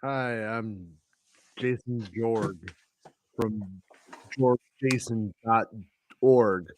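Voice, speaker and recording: A man's voice: medium pitch, steady tone, drawn-out words, heavy background noise. A man hosting a podcast in loose, casual chat, swearing freely and laughing easily. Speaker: podcast host.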